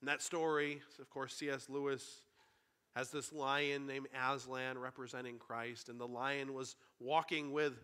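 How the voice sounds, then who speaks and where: Bright-voiced man preaching earnestly. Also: medium pitch, flat delivery, a little slow, smooth. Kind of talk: sermon.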